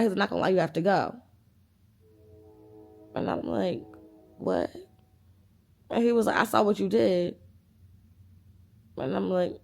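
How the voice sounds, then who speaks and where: Young woman, casual storytime vlog, animated and swearing, gravelly fry in her voice. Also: mid-range voice. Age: 20s. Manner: animated, profane, retelling dialogue in quoted voices. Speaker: vlogger.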